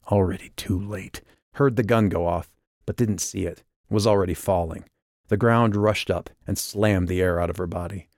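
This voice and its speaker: A man narrating an audiobook in a measured, steady way. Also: deep voice, no echo, studio quality. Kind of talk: scripted narration.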